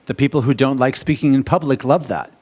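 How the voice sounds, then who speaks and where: A middle-aged American man speaks as a wedding officiant presenting at a seminar. His delivery is theatrical and animated. He often rises sharply in pitch and volume when he poses questions to the room. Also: fairly quick. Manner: animated and theatrical, swings to loud high questions. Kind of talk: presentation to a live seminar audience.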